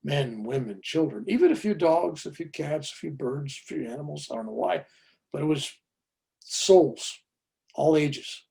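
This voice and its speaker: A man in his seventies, a podcast guest, telling a personal story in an animated, chatty way with many "you know"s. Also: fairly high pitch, measured pace, creaky.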